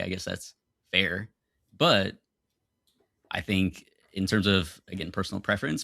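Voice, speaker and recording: A young man making his case in a lighthearted film debate, insistent and quick to laugh. His voice is very deep with a gravelly edge, and the sound is dry and close. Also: a bit bright, no echo. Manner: argumentative, insistent, laughs easily. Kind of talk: casual comedic debate.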